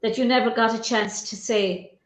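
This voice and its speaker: A woman's voice: fairly high pitch, fairly even intonation, normal speed. A woman hosting an interview, speaking in a reflective, hesitant way with frequent restarts. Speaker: host. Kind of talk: interview conversation. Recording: roomy echo.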